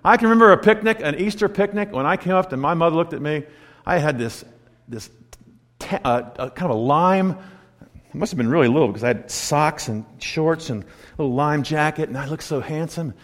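A man preaching a sermon, telling stories and swinging between loud emphatic lines and hushed asides. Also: on the high side, brisk. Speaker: pastor. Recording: long hall reverb.

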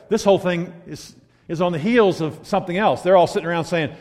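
A man's voice: sits high, brisk. Man preaching in a reverberant hall. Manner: swings from hushed to loud emphatic. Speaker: pastor. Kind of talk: sermon.

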